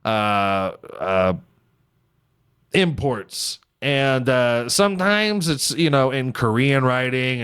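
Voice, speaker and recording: A man's voice: mid-range voice, a bit bright. A man hosting a casual comedy podcast, irreverent and sarcastic, swearing freely, laughing at his own jokes and slipping into a mock ad-read delivery. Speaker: podcast host.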